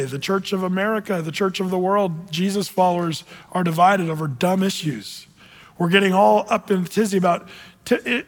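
A male pastor preaching a sermon in an animated way, acting out quoted voices as he explains scripture. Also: sits high, long reverb tail.

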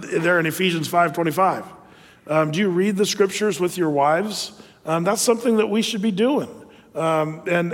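A man's voice: high-pitched, a bit bright, long reverb tail. A middle-aged man preaching a sermon as a pastor, talking in a loose, conversational way with many fillers and asides.

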